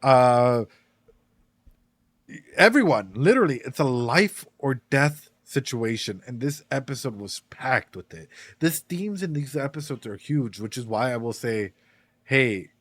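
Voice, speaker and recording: A man hosts a casual reaction chat into a desk microphone, emphatic and quick to repeat himself and swear. His voice sits at an ordinary middle pitch, and the sound is dry and close with almost no room around it. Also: lively intonation, no echo. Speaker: reaction show host.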